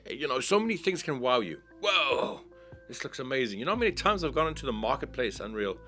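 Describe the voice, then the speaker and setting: A man talks casually to his co-host, his pitch swinging up and down as he rants. He swears loosely and keeps it conversational. Faint music plays behind him. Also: fast. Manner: animated, ranting, swears casually.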